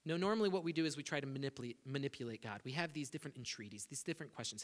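A man preaching a sermon as pastor, animated, acting out people's prayers to God with rising intensity. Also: fairly high pitch, very fast, hardly any pauses. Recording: reverberant hall.

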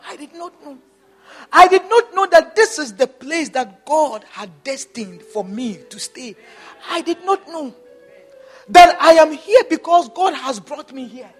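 A man's voice: very high-pitched, expressive, a little slow, soft background music. A man preaching a sermon, repeating his phrases and urging his listeners on with emphatic exhortation.

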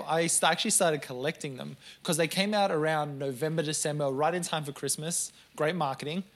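A man in his late twenties preaching a sermon to a congregation, telling stories with lively, self-mocking asides. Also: a little high. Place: church service before a congregation.

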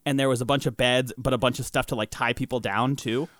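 A man's voice: mid-range voice, fairly even intonation, quick pace, a bit bright, no echo. Laid-back young man telling a story. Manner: loose storytelling, swearing freely, laughing often. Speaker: podcast host. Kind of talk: casual podcast chat.

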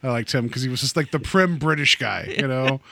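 A man's voice: medium pitch, fairly quick, creaky, fairly bright tone, dry recording. A man hosting a casual movie podcast, rambling and chatty with lots of filler words. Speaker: podcast host.

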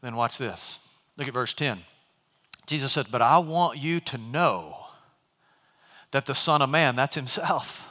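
A male pastor preaching a sermon, telling the story in a lively way and acting out the people in it. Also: medium pitch, measured pace, long pauses. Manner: animated storytelling, acts out characters. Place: church sanctuary. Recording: reverberant hall.

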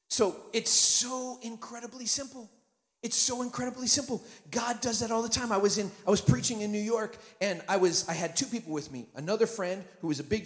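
A man in his fifties preaching a sermon as guest pastor, telling stories and building up to shouted preaching. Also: sits high. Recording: long hall reverb.

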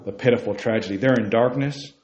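A man's voice: mid-range voice, a little mellow, slight background noise. Fervent man preaching in an echoey room. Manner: fervent, emphatic, repeats key phrases; admits he preaches fast. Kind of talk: sermon to a youth group. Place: meeting room.

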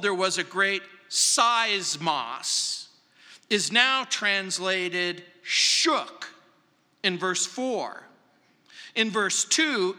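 A man preaching a verse-by-verse sermon as pastor, slow and emphatic, often dropping soft to stress a point. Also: sits high, long reverb tail. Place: large church sanctuary.

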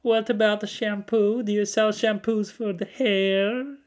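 A hesitant newcomer, played by a man, feeling his way through broken English at a slow, careful crawl. The voice is pitched well above his own and sounds a touch distant from the mic. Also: steady tone. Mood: polite, halting.

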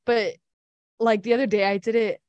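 A woman's voice: a little high, flat delivery, normal speed, a little mellow, clear, resonant tone, dry recording, muffled recording. A young woman co-hosting a podcast in casual chat, rambling with lots of fillers. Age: young adult. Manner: chatty, fillers, laughs often. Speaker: podcast co-host.

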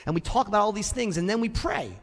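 A male pastor preaching a sermon in a church sanctuary, animated and conversational with touches of humor. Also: sits high, fast, in a large hall.

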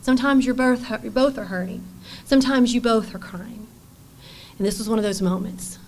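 A middle-aged woman delivers a sermon in a fairly high voice. She speaks earnestly, swinging between firm, ringing declarations and quiet, hushed passages. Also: brisk, a little hiss or hum. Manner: earnest, shifts between bold declaration and soft hushed tones. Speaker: pastor's wife speaking to women.

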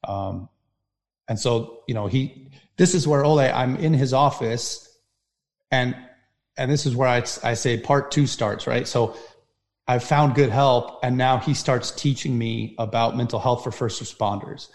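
Gravelly man telling his story. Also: mid-range voice, darkish tone. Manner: earnest, halting storyteller. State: near tears at times. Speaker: firefighter guest. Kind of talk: personal story in an interview.

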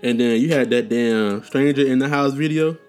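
A young man spins rambling, profane stories from childhood in a loose casual monologue, full of slang and restarts. His voice sits at an ordinary middle pitch. Faint music plays underneath. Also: normal speed, a little mellow, smooth. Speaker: podcast host.

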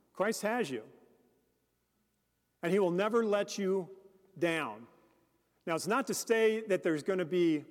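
A man preaching a sermon as a deacon, earnest and speaking directly to the congregation with questions. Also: high-pitched. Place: church. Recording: long church reverb.

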